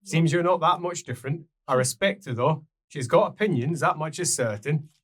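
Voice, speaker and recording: A man voicing a gruff, blunt older dwarf woman who scolds freely. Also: on the high side, moderate pace, a bit bright. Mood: scolding.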